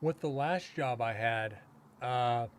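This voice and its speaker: A man's voice: mid-range voice, a little hiss or hum. A man casually telling a long story, rambling with fillers and restarts and acting out what others said. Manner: rambling, with frequent fillers and self-restarts, chuckling; acts out other people's lines in quick quotes. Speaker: paranormal investigator and podcast host.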